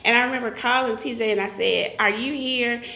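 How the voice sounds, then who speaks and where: A woman sharing an emotional personal testimony in a group talk, animated and repeating words for emphasis. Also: a little high, fairly quick, vocal fry, roomy sound.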